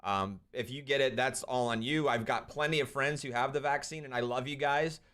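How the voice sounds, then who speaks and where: A young man hosting a live stream, ranting and commenting on a clip, swinging between loud outbursts and quieter asides. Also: medium pitch, fairly quick. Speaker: streamer host.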